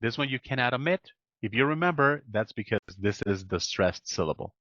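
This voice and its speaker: A man's voice: mid-range voice, animated, a little fast, a bit bright, no echo. A man teaching English pronunciation in a one-on-one online lesson. He explains patiently and keeps checking in with "right?". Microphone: video call. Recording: dull lo-fi video call audio.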